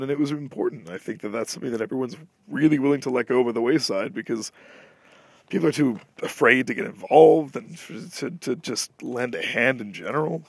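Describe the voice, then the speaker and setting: A young adult man hosting a podcast, telling a long, profane, animated story in casual chat. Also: mid-range voice, dry recording. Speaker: podcast host.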